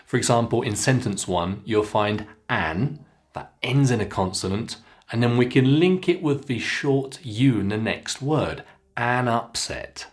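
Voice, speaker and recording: A man with a British English accent teaching pronunciation, saying single words slowly and clearly for learners to repeat. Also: medium pitch, lively intonation. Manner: slow, clearly enunciated drilling of single words. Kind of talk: follow-along pronunciation lesson.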